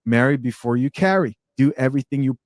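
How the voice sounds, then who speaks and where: A man's voice: mid-range voice, animated, fast talker, darkish tone, dry recording, clean studio sound. A man giving commentary in a pointed, lecturing way.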